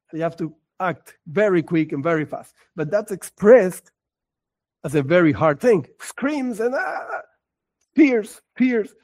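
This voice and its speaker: A man with a high-pitched voice teaches a lesson on religious texts. He talks expressively, acting out small scenes and stressing points by repeating words. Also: a little mellow.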